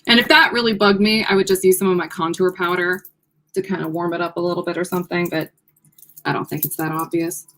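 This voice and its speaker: An upbeat woman co-hosts a relaxed livestream from a home studio. She chats easily and giggles often while she models and describes wigs. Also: on the low side, fast talker. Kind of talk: casual livestream product demo.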